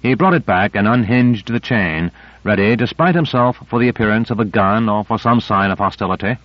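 A man reading a thriller aloud as an audiobook narrator, in a measured, steady way. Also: on the low side, dry recording. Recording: dry, slightly dull recording.

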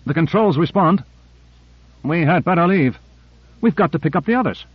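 A man's voice: a little high, lively intonation, normal speed, husky, dry recording, dull audio, pitched above the performer's own voice. A man voicing a breathless ship pilot who gasps out reports after a shock. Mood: gasping.

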